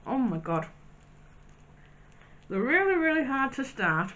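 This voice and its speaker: A woman in a casual vlog, reviewing sweets and crisps in a chatty, wry way with little asides. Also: high-pitched, very animated, takes it slowly, a bit bright, dull audio. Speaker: vlogger.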